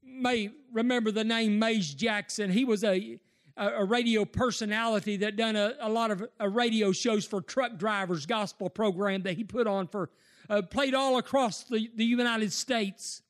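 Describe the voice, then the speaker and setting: A man preaching a sermon, impassioned, rising to shouts and tearful cries. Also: high-pitched, steady tone, normal speed.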